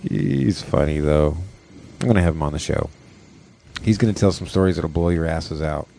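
A man hosting a casual podcast chat, telling stories in a profane, animated way. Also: rumbling low, normal speed, gravelly, slight background noise. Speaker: podcast host.

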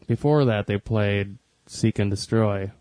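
A man co-hosting a podcast, telling stories in halting casual chat full of uh and you know. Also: lowish voice, a little mellow, no room sound. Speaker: podcast co-host.

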